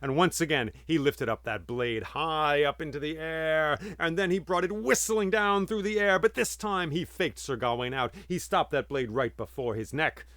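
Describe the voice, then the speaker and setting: A man telling a folk tale in a measured, dramatic and vivid way. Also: fairly high pitch, fairly bright tone, no room sound. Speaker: storyteller. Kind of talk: oral storytelling.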